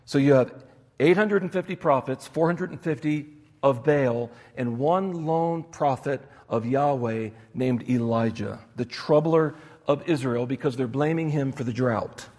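A man's voice: medium pitch, a little slow, a little mellow. Preaching man in a reverberant hall. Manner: expository preaching, reading scripture aloud with emphasis. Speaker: pastor. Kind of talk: sermon.

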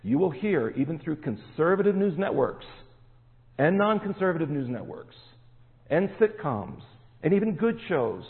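A man's voice: on the high side, big pitch swings, moderate pace. Male pastor, emphatic sermon, long hall echo, tinny phone-like sound. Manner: emphatic, rising to stressed words.

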